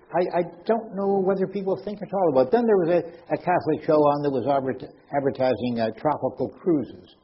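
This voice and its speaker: An older man giving a humorous, skeptical talk to an audience into a microphone. He speaks in a wry, sardonic way, and his pitch leaps up suddenly to make a point. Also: brisk, few pauses, a little hiss or hum. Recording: dull lo-fi recording.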